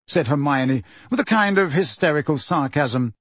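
A man narrating an audiobook story in a slow, expressive storytelling manner. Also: medium pitch, husky, no room sound. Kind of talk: scripted narration.

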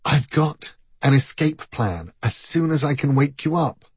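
A man's voice: fairly high pitch, animated, a little slow, breathy edge, no room sound, voice pushed up, heavily acted. A man doing an urgent whispering rescuer, whispered role-play. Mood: pleading. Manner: urgent, hushed.

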